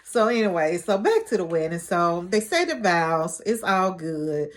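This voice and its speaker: A woman vlogger recapping a TV episode in casual chat, chatty and animated with joking asides. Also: fairly low pitch, unhurried.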